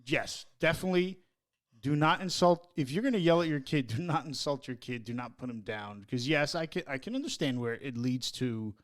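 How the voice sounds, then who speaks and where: A man of middle pitch co-hosts a casual podcast, reading bits of text aloud before pushing back on them with real emphasis. He laughs easily and speaks in an ordinary, conversational voice. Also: brisk. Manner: reads passages aloud, then argues emphatically with a laugh. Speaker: podcast co-host. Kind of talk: casual chat.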